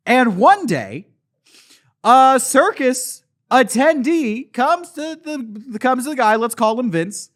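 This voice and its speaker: A man's voice: sits high, fairly bright tone, full character voice. A middle-aged man playing a cancelled, self-pitying voice actor who rambles and repeats himself in showman patter at a convention panel. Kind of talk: comedic character monologue at a panel.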